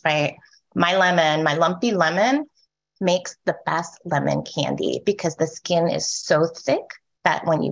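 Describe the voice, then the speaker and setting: A woman leads a panel discussion in a soft, low-set voice whose sentences lift at the end like questions. She fills pauses with "um" and checks in with her listeners. The sound is dull and lo-fi, like a video call. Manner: soft voice with rising lilt at sentence ends; frequent "um" and "right?" check-ins. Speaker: panel moderator.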